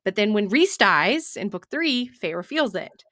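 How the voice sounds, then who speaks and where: A woman's voice: medium pitch, unhurried, no room sound, studio quality. A woman co-hosting a podcast, chatting casually about books with many fillers and restarts. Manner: animated, lots of fillers and restarts. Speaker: podcast co-host. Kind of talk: casual book discussion.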